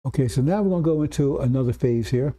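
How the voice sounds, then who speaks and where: A man preaching a scripture lesson to a congregation, explaining point by point and often checking in with quick "see?" and "right?" asides. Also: mid-range voice, warm tone. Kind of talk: sermon lecture to congregation.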